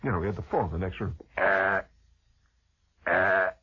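A man's voice: low-pitched, moderate pace, breathy edge. A man telling a rambling, humorous childhood story as a conversational radio monologue, with a dull lo-fi radio sound. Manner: animated, conversational, digressive.

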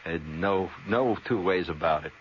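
Male radio storyteller with a lowish voice, rambling and chatty. Old, slightly muffled radio sound. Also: measured pace. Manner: conversational, full of asides and tag questions. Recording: slightly dull old radio recording, faint hiss.

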